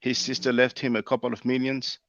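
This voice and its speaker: Fast-talking man hosting a panel. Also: mid-range voice, monotone, fairly bright tone, no room sound, muffled recording. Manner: pressing, questioning. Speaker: show host. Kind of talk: live online panel debate.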